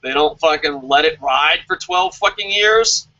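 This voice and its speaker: Bright-voiced, sarcastic man ranting. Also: on the high side, unhurried, highs cut off. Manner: animated, sarcastic and profane. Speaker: wrestling vlog host answering viewer questions. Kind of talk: casual opinionated commentary.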